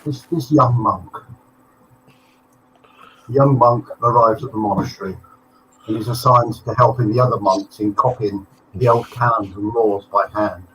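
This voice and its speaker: A man co-hosting a live talk show, telling a long joke like an animated storyteller who takes his time. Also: mid-range voice, slight background noise, poor audio. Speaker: co-host telling the weekly joke.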